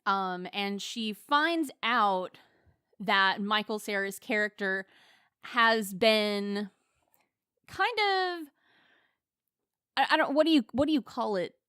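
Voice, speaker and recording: A woman's voice: medium pitch, animated, takes it slowly, pauses often, sharp tone, clean tone, dry recording, clean studio sound. A young woman co-hosting a podcast, chatting casually about a movie, with lots of fillers and restarts. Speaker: podcast co-host. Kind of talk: casual movie review chat.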